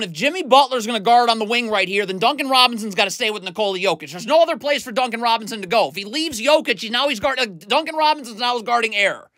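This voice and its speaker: A man's voice: very high-pitched, pushed and bright, no room sound. A man doing a blunt, exasperated video breakdown of basketball defense, scolding the players as he talks. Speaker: basketball film analyst.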